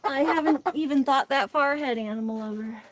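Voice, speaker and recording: A woman with a high, bright voice chats casually and laughs often as she coaxes her hens into the coop. She talks outdoors, and clucking chickens and outdoor noise sit clearly behind her. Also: brisk. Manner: coaxing, chatty, laughs often. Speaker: backyard chicken keeper vlogger. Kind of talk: casual chat while doing chores. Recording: noisy outdoor recording with chickens.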